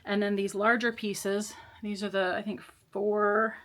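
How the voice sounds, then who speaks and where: A woman's voice: mid-range voice, level tone, a little slow, a bit bright. A woman hosting a sewing tutorial, talking through the steps in a casual, chatty, reassuring way with small laughs and fillers. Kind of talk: casual step-by-step sewing instruction.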